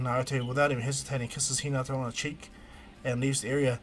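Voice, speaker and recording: A man retelling a fan fiction story on his stream, animated and rambling, full of restarts. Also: mid-range voice, fast, faint music behind.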